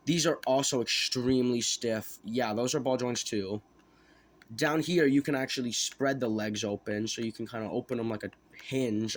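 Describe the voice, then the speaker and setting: A man talks through a toy figure review in a loose, unscripted way. He rambles, second-guesses details and corrects himself mid-sentence, with an ordinary mid-pitched voice. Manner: rambling, self-correcting, thinking aloud. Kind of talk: casual product review.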